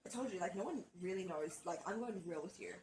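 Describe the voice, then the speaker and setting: A woman's voice: lowish voice, lively intonation, fast, crowd noise, poor audio. A young woman from Australia co-hosting a podcast, telling a story in casual chat, swearing often and acting out quotes. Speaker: podcast co-host.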